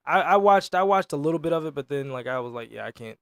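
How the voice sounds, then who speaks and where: Male co-host, a bit higher pitch, dry sound, laughing interjections. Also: lively intonation, fast, clean tone, no echo. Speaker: sports show co-host. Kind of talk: casual sports chat.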